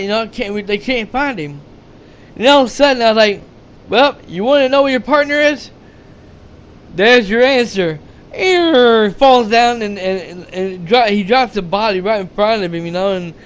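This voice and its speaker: A man with a high voice recounts a film's plot in a loose, rambling recap. He stumbles through restarts and fillers, swears freely and acts out the characters' lines as he goes. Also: clear, resonant tone. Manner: rambling, halting, many fillers and restarts, profane, acts out quotes. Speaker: movie reviewer. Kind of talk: rambling casual movie recap.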